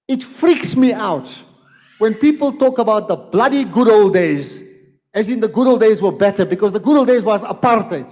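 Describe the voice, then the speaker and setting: Emphatic high-voiced man. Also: animated, normal speed, a little mellow. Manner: emphatic, repeats phrases, firm but apologetic. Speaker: debate moderator. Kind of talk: live debate moderation. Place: community centre hall, live event. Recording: long hall reverb.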